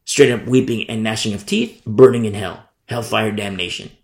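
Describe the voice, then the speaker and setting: A man's voice: fairly low pitch, steady tone, normal speed, vocal fry, reverberant. A man preaching a sermon as a pastor, emphatic and conversational, driving points home through repetition.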